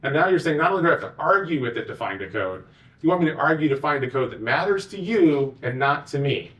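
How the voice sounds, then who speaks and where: A man, a physician executive, giving a conference talk with animated, sarcastic asides. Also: fairly high pitch, fast, far from the mic.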